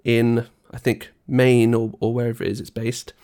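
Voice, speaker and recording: Brief: male co-host, playful questioner, medium-pitched everyday voice. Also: level tone, normal speed, warm tone. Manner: teasing, questioning. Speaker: podcast co-host. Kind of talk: casual chat.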